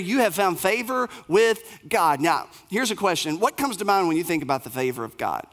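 A man's voice: sits high, a bit bright. A male pastor preaching a sermon in a conversational way, asking the audience questions and acting out quotes.

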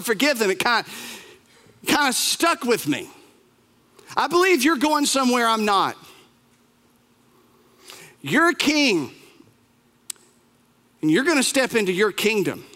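Preacher playing a condemned thief on a cross: high, bright voice, urgent pleading, big reverberant hall. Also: male voice, very animated, moderate pace, pauses often, exaggerated voice. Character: desperate dying man, a condemned thief.

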